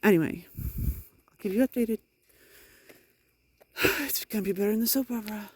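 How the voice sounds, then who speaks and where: A middle-aged woman talks through a frustrated vlog monologue while walking outside in the rain. Her voice sits at an ordinary pitch and comes across dry and close, as if from a phone held near. She is emphatic and fed up, leaning hard on her words. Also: normal speed, darkish tone, breathy edge, no echo. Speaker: vlogger. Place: outdoors in the rain.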